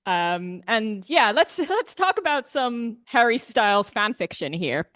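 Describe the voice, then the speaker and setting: A woman's voice: fairly high pitch, big pitch swings, a little slow, a bit bright, dry recording. Woman, giggly, enthusiastic, casual film podcast, dry close mic. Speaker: podcast co-host. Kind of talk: casual film review chat.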